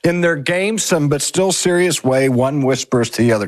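A man reading aloud a sermon from a novel in a measured, dramatic way. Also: fairly high pitch, expressive, no echo. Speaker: reader. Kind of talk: scripted narration of a sermon from a novel.

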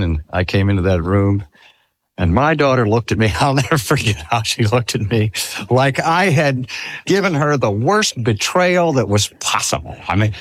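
Giving a talk at a cancer hospital, an older man with a voice on the low side preaches earnestly, with no echo. He stretches out key phrases for emphasis and asks his listeners rhetorical questions in his sermon.

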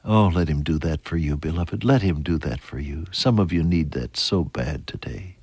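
An older man preaching a sermon, earnest, dropping to a hush and then rising to emphatic peaks. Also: very deep voice, moderate pace, slightly rough, no room sound.

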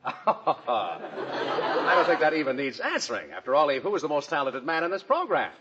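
A man hosting a 1940s radio comedy show, boastful and wisecracking with quick comebacks. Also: fairly high pitch, very animated. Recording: dull old radio broadcast with hiss.

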